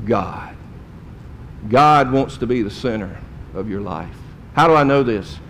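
A man preaching a sermon, in folksy storytelling that swings between loud and quiet. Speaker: pastor. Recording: long hall reverb, faint rumble.

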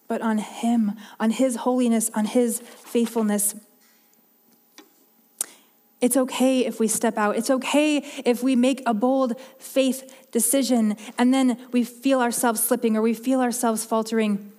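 A woman's voice: fairly high pitch, warm tone, long reverb tail. A woman preaching a sermon in an earnest, heartfelt way, often restarting and repeating her words.

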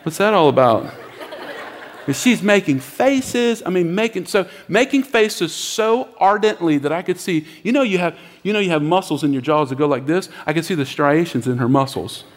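Animated preacher man in echoing hall. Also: fairly high pitch, moderate pace. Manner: animated, acts out voices in his stories. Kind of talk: animated sermon storytelling. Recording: long hall reverb.

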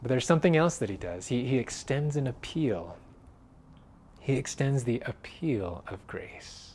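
A man preaching a sermon in an earnest way, swinging from loud emphasis to hushed, quiet phrases. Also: mid-range voice, lively intonation, measured pace, husky. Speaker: pastor.

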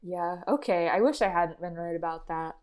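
A woman's voice: lowish voice, moderate pace, a little mellow. A woman co-hosts a laid-back movie podcast. She talks in a loose, chatty way, laughs often, and acts out her own reactions as she goes. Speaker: podcast co-host. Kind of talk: casual movie chat.

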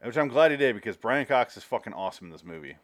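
A man talking movies in a casual chat, mid-pitched and lively. He acts out scenes and swears freely. His voice sounds dry and close, with no room around it. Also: rapid-fire, dry recording. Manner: animated, acts out scenes with profanity.

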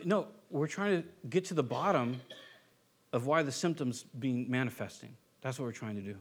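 A man preaches a sermon in a voice pitched a little above the usual male range. He acts out the people he quotes. His delivery swings between loud, pressing outbursts and quiet, hushed asides. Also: normal speed. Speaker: pastor.

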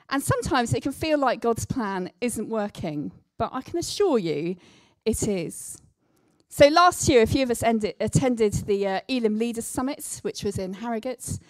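A woman with a fairly high voice leads a church group and sets up a video clip in a chatty, easy way. The sound is close and dry, with little room in it. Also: a little mellow, dry recording, poor audio.

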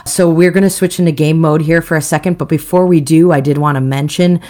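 A woman's voice: deep voice, steady tone, brisk, a little mellow. A woman hosting a podcast in upbeat, giggly casual chat. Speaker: podcast co-host.

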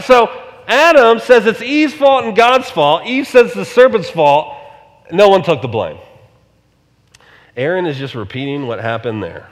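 A man's voice: sits high, lively intonation, a little slow, big-room sound. A male pastor preaching a sermon in a conversational way, often asking the congregation rhetorical questions.

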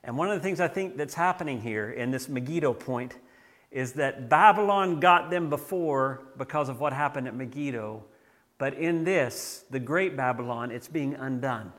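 A man's voice: mid-range voice, moderate pace, fairly bright tone. A man from the southern United States preaching a sermon, earnest and often restarting with repeated words. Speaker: pastor.

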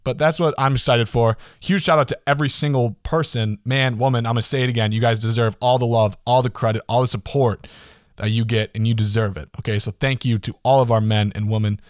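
This early-twenties man hosts a casual solo podcast with a medium-pitched voice, rambling excitably, cursing freely, and often ending his points with a quick question. The studio-quality audio has no echo.

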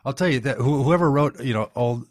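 A man's voice: mid-range voice, brisk, no room sound, clean studio sound. A man talking earnestly in an interview, rambling and telling stories with many restarts. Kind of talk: conversational interview.

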